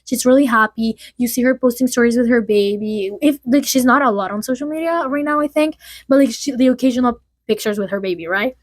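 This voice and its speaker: A young woman chats to camera about gossip, meandering and leaning on "like" a lot. She speaks fairly quickly in a slightly high voice, with no echo.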